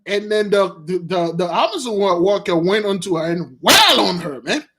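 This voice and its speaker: A man hosting casual religious commentary on news stories, rambling and animated, calling his listeners brothers. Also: sits high, moderate pace, slight background noise. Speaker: channel host.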